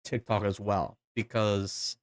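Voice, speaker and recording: A man's voice: on the low side, flat delivery, slow, no echo, studio quality. A man chatting casually, rambling with fillers and repeats and cracking crude jokes. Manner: fillers, repeats, swearing, joking. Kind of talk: casual chat.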